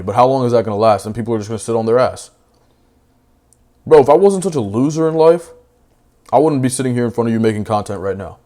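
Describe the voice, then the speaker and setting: Young male debater, brash and slangy, mid-pitched, heated and blunt. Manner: brash, profane, slangy, swings loud and fast. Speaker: debate panelist.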